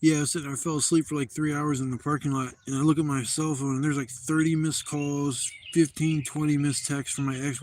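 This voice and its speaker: A man's voice: fairly high pitch, little pitch movement, brisk, hardly any pauses, darkish tone. A man hosting a casual livestream from a campsite, telling a long rambling story with plenty of swearing. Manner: rambling, profane, loose storytelling. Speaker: livestream host. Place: outdoor campsite.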